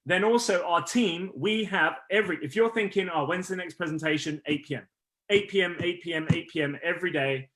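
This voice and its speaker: Energetic man rallying his team. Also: on the high side. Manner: energetic, rallying, restarts often. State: losing his voice. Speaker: team leader hosting a business call. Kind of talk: casual motivational team call.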